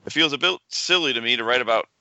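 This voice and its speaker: A man co-hosting a casual podcast, talking in a halting, stuttery way and stumbling over words as he reads. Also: medium pitch, sharp tone, no room sound. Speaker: podcast co-host.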